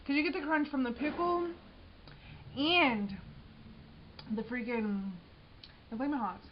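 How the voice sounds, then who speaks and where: A woman's voice: high voice, lively intonation, slow pace, highs cut off, slight background noise. A young woman casually talking through a snack she made for her cooking vlog, using plenty of slang and tasting as she goes. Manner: chatty, slangy, tasting food while talking. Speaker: cooking vlogger.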